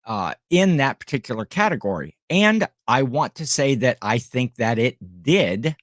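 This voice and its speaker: A man's voice: mid-range voice, a bit bright, dry recording, clean studio sound. A middle-aged man from Ohio hosting a casual live stream at home, rambling and greeting viewers by name.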